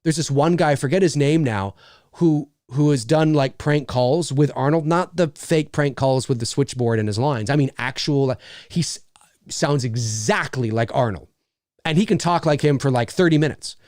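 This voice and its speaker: A man's voice: medium pitch, normal speed, darkish tone, no room sound, clean studio sound. A middle-aged man and voice actor hosting a casual livestream, rambling with lots of fillers as he reads viewer messages. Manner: rambling, many fillers and restarts.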